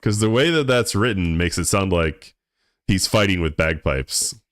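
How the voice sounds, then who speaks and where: A man's voice: sits low, expressive, normal speed, fairly bright tone, dry recording, clean studio sound. A young man streaming a game, chatting casually with his viewers in a laid-back, rambling way that stumbles and repeats words. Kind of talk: casual live-stream chat while gaming.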